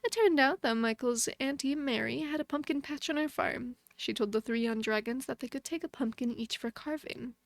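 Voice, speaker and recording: A young woman streamer reading a bedtime story aloud in a soft, motherly storybook voice. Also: sits high, moderate pace, gravelly, few pauses, dry recording. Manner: chatty and thankful toward her viewers.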